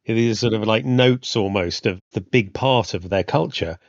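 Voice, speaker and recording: A man's voice: fairly low pitch, moderate pace, no echo, highs cut off. A man hosting a history podcast, asking long, musing questions full of "sort of" and "you know". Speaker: podcast host. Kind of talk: podcast interview.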